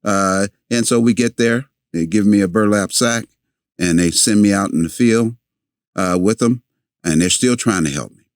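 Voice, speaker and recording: An older man, a podcast guest, telling a long story in a halting way with many fillers and restarts. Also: on the low side, clear, resonant tone, no room sound, studio quality.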